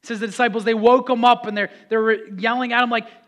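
A man preaching a sermon, talking with the congregation, swinging from loud pleading passages to hushed calm ones. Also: extremely high pitch, quick pace, hardly any pauses. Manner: builds to loud impassioned pleas, then drops to hushed calm; conversational preaching with audience questions. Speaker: pastor.

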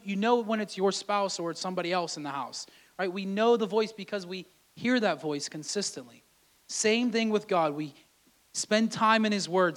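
A pastor with a fairly high voice preaches in a relaxed, conversational manner. He often repeats words and restarts his phrases as he talks his congregation through scripture. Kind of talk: sermon.

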